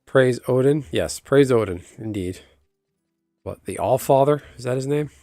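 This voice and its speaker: A man's voice: mid-range voice, animated, normal speed, warm tone, no room sound, studio quality, faint music behind. A man chatting casually on a livestream, rambling and answering viewers' chat aloud. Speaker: live streamer.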